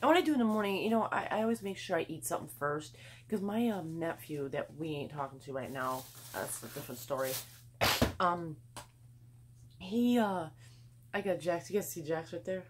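Brief: chatty, swearing woman vlogger at home, low-ish voice, light room hiss. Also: normal speed. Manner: rambling, chatty, swears freely. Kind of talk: casual haul vlog chat. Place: home, indoors.

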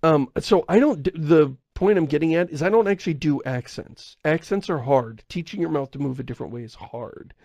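A playful American man co-hosting a podcast, with a gravelly, fry-edged voice. The sound is close and dry, with no room around it. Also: on the high side, fairly quick, hardly any pauses, no echo. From United States. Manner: lively, playful, loves doing character voices. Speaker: podcast co-host. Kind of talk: casual chat.

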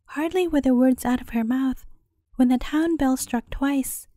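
A woman storyteller narrating a fairy tale as a bedtime story in a gentle, measured way. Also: high-pitched, dry recording, clean studio sound.

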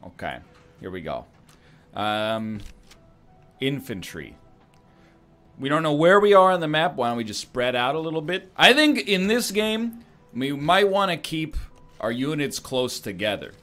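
A man's voice: mid-range voice, very animated, unhurried, pauses often, fairly bright tone, faint music behind. A man joking and thinking aloud as he plays a strategy game, giving casual gameplay commentary. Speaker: gaming streamer.

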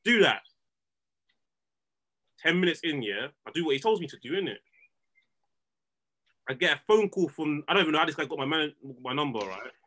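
A podcast guest with a voice on the high side talks quickly, spinning an animated story in slangy, casual conversation. He keeps repeating and restarting his words.

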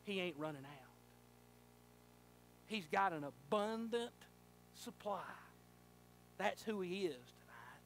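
A male pastor preaching a sermon in a church, telling a folksy story and rising to fervent shouting. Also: high voice, lively intonation, slow, pauses often. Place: church sanctuary.

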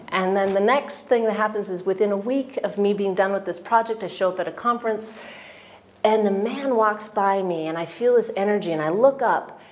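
A woman's voice: mid-range voice, slight background noise. A woman giving an emotional personal testimonial at a retreat, telling her story with many restarts and quoted voices. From United States.

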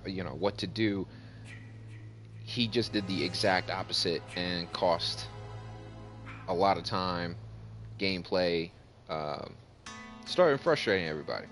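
Low-voiced man telling a gaming story. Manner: animated storyteller, voice jumps up when retelling. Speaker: gaming channel host. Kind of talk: casual gameplay commentary storytelling. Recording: faint music behind.

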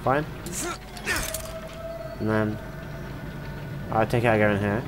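Slow-talking sarcastic man gaming. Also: lowish voice, fairly even intonation, background noise. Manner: sarcastic, swears, quick outbursts of alarm. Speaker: gameplay commentator. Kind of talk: let's play commentary. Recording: game music playing underneath.

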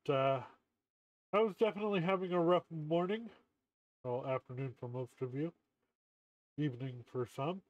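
A man streaming a game in slow, unhurried casual chat, his voice stuffy and muffled by a costume mask. He jokes, chuckles a lot and swears offhandedly, pitched a little high for a man. The audio is dull and lo-fi but dry, with no room sound. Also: darkish tone, no echo.

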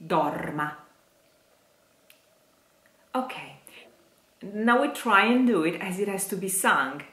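A woman's voice: mid-range voice, animated, slow pace, a bit bright. A woman teaching diction to singers, speaking carefully and demonstrating each word aloud. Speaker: singing teacher. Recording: echoey room.

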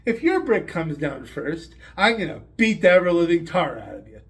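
A man's voice: a little high, big pitch swings, normal speed. A man voicing a blustery, menacing bully of a bricklayer in a told joke, taunting his coworker. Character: menacing drunk male bully, brick-layer.

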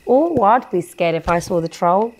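A woman reading a bedtime story aloud for a children's show, gently pausing to ask the young listeners questions. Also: medium pitch, expressive.

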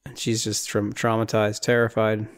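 A man's voice: on the low side, completely flat delivery, moderate pace. A man hosting a podcast, casually recapping a horror film scene by scene, rambling and incredulous, often laughing. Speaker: podcast host.

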